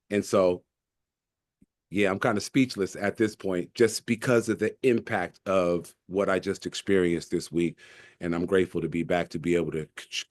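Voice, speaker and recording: A man's voice: deep voice, no room sound. A man speaking to his team in a casual, hyped way, full of slang and casual swearing. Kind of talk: casual motivational talk.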